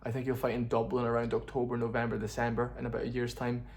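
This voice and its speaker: A man's voice: mid-range voice, completely flat delivery, fast, darkish tone. A man talking casually to camera as a fight-sports YouTuber, opinionated and chatty, often thinking aloud. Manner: chatty, opinionated, laughs at his own jokes. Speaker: MMA commentary YouTuber. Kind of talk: casual vlog commentary.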